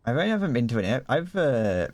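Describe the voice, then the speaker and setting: A man's voice: mid-range voice, sing-song, quick pace, a little mellow, dry recording. A man from England streaming a game, rambling to his viewers, stuttering and restarting often, swearing casually. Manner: rambling, profane, chatting to viewers while playing. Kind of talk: casual gaming stream chat.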